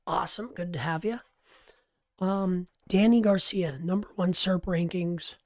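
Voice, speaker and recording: Hoarse man hosting a chatty live stream. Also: high-pitched, measured pace, dry recording. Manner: animated, chatty, laughs easily. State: hoarse, voice worn out. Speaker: host of a live coaching stream. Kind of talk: casual live-stream talk. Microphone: close-up microphone.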